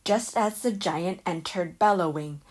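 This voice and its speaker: A woman reads a children's picture book aloud in a calm storytelling manner. Her voice sits low, and she takes her time over every line. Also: a little slow. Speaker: narrator.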